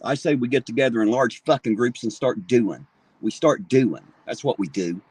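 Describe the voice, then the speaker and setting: Speaking at a moderate pace in a husky, darkish mid-range voice, a man in his 40s angrily rants on a street livestream. He curses freely into his phone outdoors, and there's no echo.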